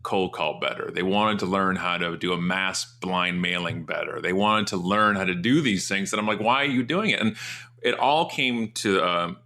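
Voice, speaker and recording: A man guest in a casual interview, telling loose, joking stories and jumping high in pitch when he mocks what others say. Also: gravelly. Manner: animated, jumps high in pitch for mocking quotes.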